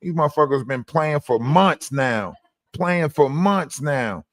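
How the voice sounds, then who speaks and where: A man in a heated livestream rant, mocking and profane, hammering the same phrases over and over. His voice sits a bit high for a man. It is dry and close on the mic. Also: animated, takes it slowly, fairly bright tone, no room sound. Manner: profane, mocking, repeats lines for emphasis. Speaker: livestream host.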